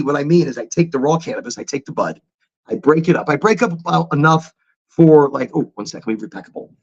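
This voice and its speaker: A man hosting a casual livestream chat, talking in an animated, rambling way with chatty asides. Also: on the high side. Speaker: livestream host. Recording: dull lo-fi stream audio.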